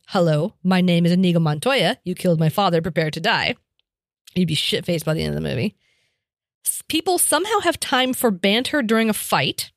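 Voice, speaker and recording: Animated woman podcast host, lively pitch. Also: no echo, clean studio sound. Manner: animated, laughing, wry asides. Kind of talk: casual chat, reading a list aloud.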